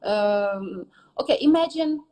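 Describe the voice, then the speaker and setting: A woman English teacher in a casual interview, talking in an animated way and ending her points with a checking "yes?". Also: medium pitch, takes it slowly, low-quality recording. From native English speaker living in Turkey.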